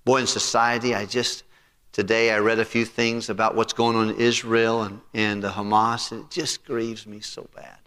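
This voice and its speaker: Pastor, male, forceful bright tone, preaching sermon with call-and-response questions, church hall reverb. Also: lowish voice, flat delivery, normal speed. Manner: preaching with rising emphasis and congregational questions. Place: church sanctuary.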